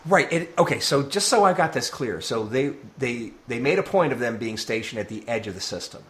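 A podcast co-host chats casually about comics, laughing often. His medium-pitched voice is lively in intonation, a little fast, and a bit bright.

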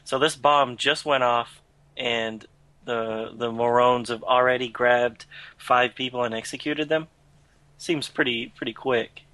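Podcast guy musing over details, bright sharp voice. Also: medium pitch, fairly even intonation, unhurried, no echo, rough recording. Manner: thoughtful, questioning, a few restarts. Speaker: podcast co-host. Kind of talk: casual chat.

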